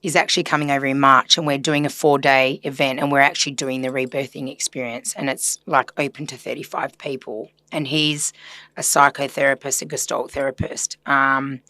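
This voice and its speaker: Low-voiced woman, earnest and reflective. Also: flat delivery, brisk, pushed and bright, no echo. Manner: earnest, reflective, chatty with filler words. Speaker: systemic therapist guest. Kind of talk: casual podcast conversation.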